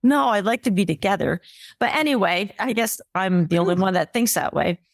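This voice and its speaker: A woman co-hosting a podcast in easy, bantering conversation, laughing often. Her voice sits at an ordinary pitch and is recorded dry and close. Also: lively intonation, fairly quick, vocal fry, dry recording. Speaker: podcast co-host. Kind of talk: casual chat.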